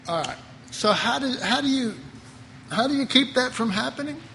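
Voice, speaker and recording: A man giving an informal Bible teaching, playful and animated, acting out quotes with humor. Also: very high-pitched, creaky. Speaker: preacher. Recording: reverberant hall, faint noise.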